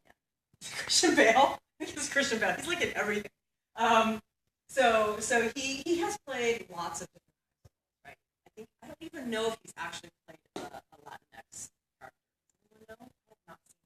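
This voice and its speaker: A woman delivers a keynote lecture in a loose, conversational manner, with frequent laughs and "right?" tags. Her voice is bright and crisp. She is recorded from a distance in a hall that has a noticeable echo. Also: medium pitch, slight background noise. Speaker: keynote speaker. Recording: echoey hall from far off.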